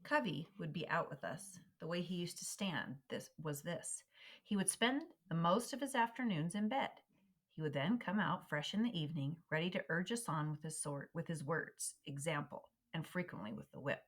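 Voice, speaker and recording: A woman reading a historical memoir aloud in a measured, expressive way, slowing down for emphasis. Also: low-pitched. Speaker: reader.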